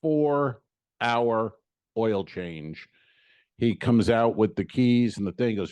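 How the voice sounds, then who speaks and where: A man co-hosting a comedy podcast, retelling a frustrating errand in an animated, swearing, storytelling way and acting out both sides of the exchange. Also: lowish voice, takes it slowly, clear, resonant tone, dry recording. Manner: swears casually, laughs often. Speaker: podcast co-host.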